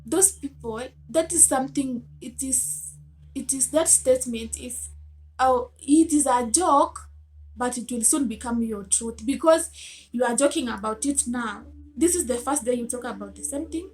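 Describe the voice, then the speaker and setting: A woman's voice: a little high, moderate pace. A woman giving a motivational self-help talk to camera, earnest and coaxing, asking her listeners many rhetorical questions.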